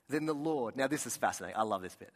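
A young pastor with a medium-pitched voice preaches conversationally, telling stories as he goes. He often restarts sentences and drops to a soft voice for emphasis.

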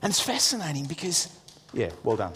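A middle-aged man, preaching a sermon as an animated storyteller who acts out his son's lines. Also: on the high side, a little fast, noisy background. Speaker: pastor. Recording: long hall reverb.

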